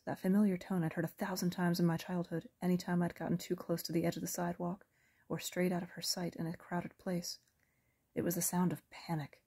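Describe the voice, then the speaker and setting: Woman narrator, low husky voice, measured audiobook reading. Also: steady tone, mellow. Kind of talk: first-person audiobook narration.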